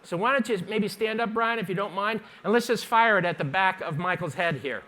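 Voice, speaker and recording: High-voiced chatty photography teacher. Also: male voice, sharp tone. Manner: chatty, jokey, fast-talking teacher quizzing the audience. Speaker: photography instructor. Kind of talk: live workshop demonstration. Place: conference stage before a live audience.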